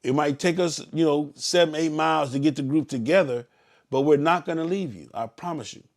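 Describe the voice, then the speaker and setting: A man with a Southern US accent, leading a motorcycle club ride and briefing riders in a casual live stream. He talks bluntly and in a preachy way, and now and then bursts into loud yelling. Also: a little high, fairly quick.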